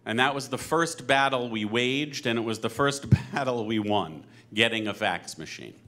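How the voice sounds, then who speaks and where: A man speaking at a panel conversation as a company co-president, earnest and halting, getting teary. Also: mid-range voice, fairly bright tone. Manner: earnest, emotional, halting with fillers. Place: synagogue event hall.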